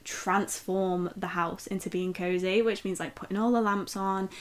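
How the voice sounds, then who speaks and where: A woman's voice: mid-range voice, steady tone, moderate pace. A young woman co-hosting a podcast in casual chat, playful and teasing, with frequent laughter. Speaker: podcast co-host.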